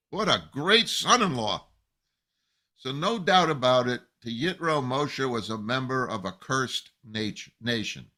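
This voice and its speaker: A man, a rabbi, teaching a Torah lesson with animated storytelling, acting out the people in the text. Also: mid-range voice.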